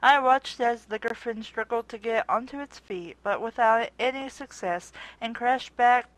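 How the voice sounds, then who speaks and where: A woman's voice: a little high, unhurried, no room sound. A woman doing a comedic reading of fanfiction aloud, with joking asides. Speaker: fanfiction reader.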